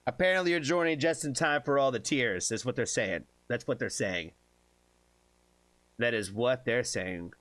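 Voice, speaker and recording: A man hosting a live music reaction stream, chatting casually with viewers, excitable and swearing often. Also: medium pitch, measured pace, dry recording.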